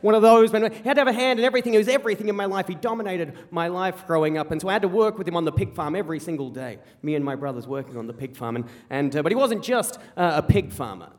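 An Australian man tells a comic story about his own life to a live theater audience. His voice sits high and the words come fast, with playful repetition. A long reverb from the hall trails behind each line. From rural South Australia. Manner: animated, comic, quick with repeated phrases. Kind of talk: live personal storytelling on stage.

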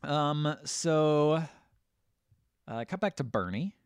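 A man's voice: on the high side, animated, slow, clean tone, no echo, studio quality. A man co-hosting a podcast, retelling a film plot in a rambling casual way with lots of fillers. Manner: rambling retelling full of fillers and acted quotes. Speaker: podcast co-host. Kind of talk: casual movie recap chat.

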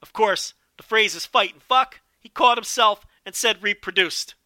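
Man, high voice, very bright and sharp, dry close sound, excitable wrestling recap, swearing and joking. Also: moderate pace, no room sound. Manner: enthusiastic, profane, joking riffs. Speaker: wrestling show commentator.

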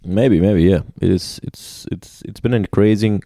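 A man's voice: low-pitched, a little slow, no room sound. A man telling travel stories in casual conversation, full of restarts, fillers and laughter. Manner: animated storyteller with many restarts and laughs.

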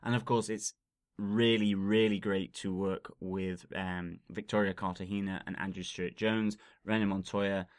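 A man's voice: low voice, little pitch movement, measured pace, dry recording. Chatty man on a dry podcast mic. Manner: chatty, full of ums, laughs easily. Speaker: podcast co-host. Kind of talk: casual podcast intro chat.

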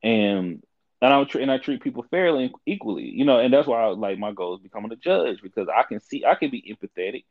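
A young man in his twenties chatting casually on a podcast, telling stories in a lively, swooping voice. His pitch jumps around as he acts out the people in them. The sound is dry and a little dull, like lo-fi audio. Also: quick pace, dry recording. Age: 20s. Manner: animated storytelling, acts out quoted people. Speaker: podcast co-host. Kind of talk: casual chat.

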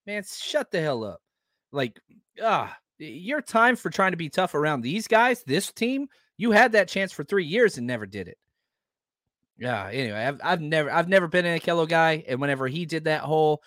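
A man hosting a sports podcast, talking casually and heatedly, swearing and jumping between loud outbursts and low, muttered asides. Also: animated, moderate pace, no room sound, studio quality. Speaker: podcast host.

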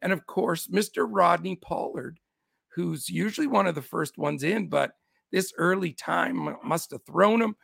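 Cheerfully shouting out names from his chat, this middle-aged host runs a casual sports betting show. His scratchy voice is high, husky and fry-laden, at a moderate pace, recorded dry in a clean studio.

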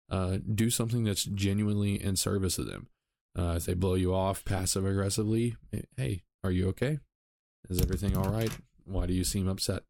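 A man's voice: sits low, darkish tone, no echo, clean studio sound. A man hosting a solo podcast, talking casually with frequent ums and self-corrections. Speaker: podcast host.

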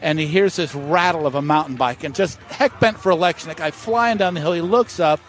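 A little fast and fairly high-pitched, a master distiller tells lively anecdotes during a storytelling interview at an outdoor festival, voicing the people he describes. The audio has a little hiss or hum.

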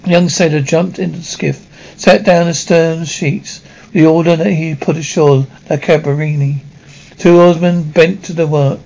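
Gravelly-voiced male audiobook narrator. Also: on the high side, normal speed. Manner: steady, plain reading with some stumbles. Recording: dull lo-fi recording.

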